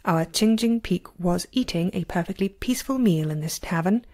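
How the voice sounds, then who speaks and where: A woman voicing a delicate young female disciple who answers in crisp, cutting retorts, read in an amateur audiobook. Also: lowish voice, animated, normal speed, warm tone. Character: sweet young female disciple turned sharp-tongued.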